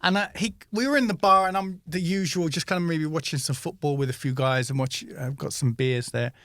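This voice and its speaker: A man's voice: on the high side, a little fast, no room sound, studio quality. A male comedian co-hosting a podcast, chatting casually and acting out little stories with voices. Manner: animated storyteller, acts out voices. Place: Moscow.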